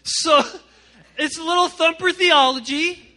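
A man preaching to a youth group from a stage, animated and joking as he acts out the voices of the people he quotes. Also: very high-pitched, measured pace. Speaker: youth pastor. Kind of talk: energetic comic sermon to a youth group. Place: stage before a live audience.

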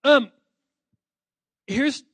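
A man preaching a lively, playful sermon to children and students, often calling on listeners and correcting himself as he goes. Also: drawn-out words, dry recording. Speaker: pastor speaking to children and students. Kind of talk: lively sermon addressed to kids.

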